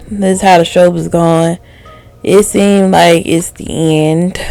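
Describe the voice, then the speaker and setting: A woman with a fairly low, dark-toned voice reviews a TV episode to camera in a casual video. As a TV show reviewer she is candid, heated and profane, and she laughs often.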